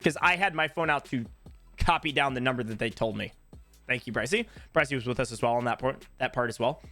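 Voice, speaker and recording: A man's voice: mid-range voice, fairly quick, faint music behind. A young man from Tennessee casually telling a long story to his channel, acting out what people said. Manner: animated, acts out quoted voices. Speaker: YouTuber.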